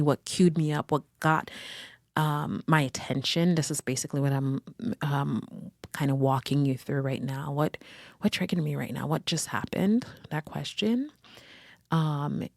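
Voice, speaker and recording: A woman with a low voice and a gravelly edge talks through her thoughts on her own show. She gropes for words and doubles back to correct herself, and her tone stays gently conversational. She sounds like a therapist thinking out loud. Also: dry recording, studio quality. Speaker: podcast host. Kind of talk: reflective solo talk.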